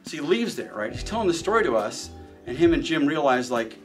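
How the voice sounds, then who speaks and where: A man's voice: a little high, sing-song, fairly quick, far from the mic, faint music behind. A man who runs a shooting range tells stories in a rambling, casual way, swearing freely and acting out what people said. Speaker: shooting range owner and firearms trainer. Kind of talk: casual storytelling in an interview.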